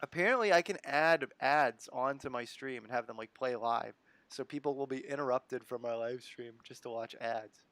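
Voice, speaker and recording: A man's voice: mid-range voice, moderate pace, few pauses, fairly bright tone, no echo. A man from the United States hosting a live stream, chatting casually, chuckling and reading viewer comments aloud. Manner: laid-back, chuckling, reads chat comments aloud.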